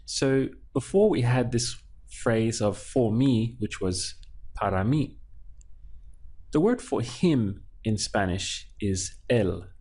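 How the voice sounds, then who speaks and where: Speaking slowly, a man with a husky, slightly mellow voice of medium pitch leads a clear language lesson. He patiently breaks words down syllable by syllable and repeats them.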